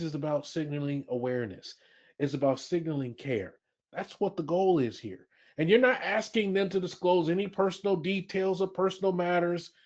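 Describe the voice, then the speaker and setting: A man's voice: on the high side, a little mellow. Emphatic man presenting a webinar. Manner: emphatic, repeats key phrases, asks the audience questions. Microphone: webinar audio. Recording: dull lo-fi webinar audio.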